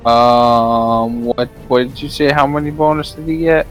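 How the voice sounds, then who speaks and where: A man chatting casually as a player in a tabletop game, joking and excitable. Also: medium pitch, a little slow, soft background music. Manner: joking, excitable, laughs often.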